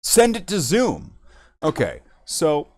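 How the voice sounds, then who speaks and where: A man's voice: on the high side, huge pitch swings, slow, a little mellow, no echo. A man from Canada hosting a casual livestream while he paints models, rambling, self-mocking and repeating words as he goes. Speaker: hobby streamer.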